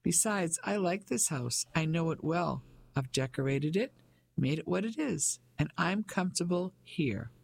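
A man's voice: on the high side, lively intonation, a little slow, vocal fry, full character voice. A man reading a proud, cold English wife. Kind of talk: audiobook character voice.

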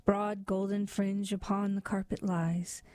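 Female poetry reader, measured and expressive, very slow, dry close sound. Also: mid-range voice, dry recording. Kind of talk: poetry reading.

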